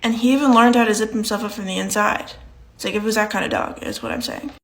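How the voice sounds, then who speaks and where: A woman's voice: medium pitch, steady tone, quick pace. A young woman performing short comedy sketches, playing every part herself with a dry, matter-of-fact delivery.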